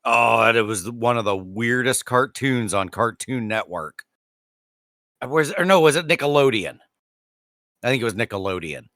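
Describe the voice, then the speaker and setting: A man's voice: medium pitch, lively intonation, sharp tone, no echo, studio quality. A young man co-hosting a podcast, chatting easily and laughing along. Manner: easygoing, chatty, quick to laugh. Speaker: podcast co-host. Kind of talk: casual chat.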